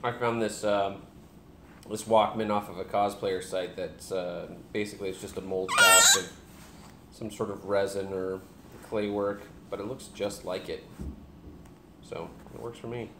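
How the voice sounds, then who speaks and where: A man's voice: lowish voice, steady tone, unhurried, noisy background. A young man, a dad, joking casually with a live stream chat while talking to his baby.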